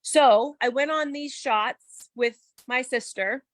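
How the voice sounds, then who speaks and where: A woman shares her story in a candid, lively way, laughing easily and acting out her own reactions. Her voice sits a little high, and the sound is dry and close, like a video call. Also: takes it slowly, no echo. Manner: chatty and animated, with laughs and quoted self-talk. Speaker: guest giving a testimony. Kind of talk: candid personal testimony.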